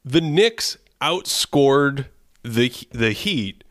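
A man's voice: mid-range voice, animated, very slow, a bit bright, no room sound, clean studio sound. Analytical man hosting a podcast. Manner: analytical, reads out stats, laughs between points. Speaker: podcast host. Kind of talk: casual basketball podcast chat.

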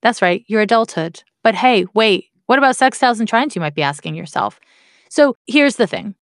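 A woman's voice: on the high side, lively intonation, moderate pace, dry recording, studio quality. A woman explaining astrology in a casual, candid way, swearing now and then and making wry asides. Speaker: astrology teacher.

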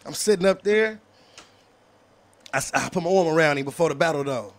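Battle rapper guest, fairly high male voice, animated slangy storyteller, swears a lot. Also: fairly quick. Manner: keeps asking "you know what I'm saying"; profane, slangy street talk. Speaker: podcast guest telling a story.

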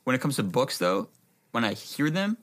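A man's voice: medium pitch, big pitch swings, normal speed, a bit bright. A young man, a podcast guest, chatting casually in a rambling way, full of fillers and swearing. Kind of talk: casual chat.

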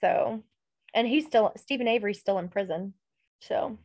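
Chatting casually as a podcast co-host, this young adult woman leans heavily on fillers, especially "like," along with "um." Her mid-range voice has a darkish tone at normal speed, captured in a dry recording.

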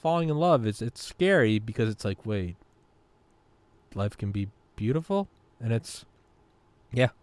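Man, low pitch, dry close sound, young adult, podcast host, animated casual chat. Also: a little slow, pauses often, dry recording. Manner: animated, swears freely, acts out silly voices in quotes.

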